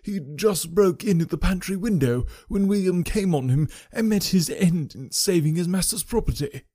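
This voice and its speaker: A man's voice: high voice, lively intonation, moderate pace, warm tone, pitched above the performer's own voice. Man doing a flustered, gasping butler. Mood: shaken. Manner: urgent, gasping. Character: flustered, breathless old male butler. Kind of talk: audiobook character reading.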